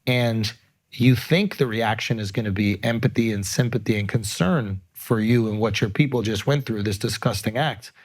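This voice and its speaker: A man's voice: lowish voice, normal speed. A man hosting a podcast, talking in an earnest, emphatic way with frequent swearing. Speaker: podcast host. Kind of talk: casual podcast chat.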